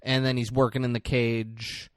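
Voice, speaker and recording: Male podcast co-host, mid-pitched, dry close mic, animated swearing recapper. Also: normal speed, no echo. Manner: animated retelling, acting out lines with profanity. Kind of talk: casual movie recap chat.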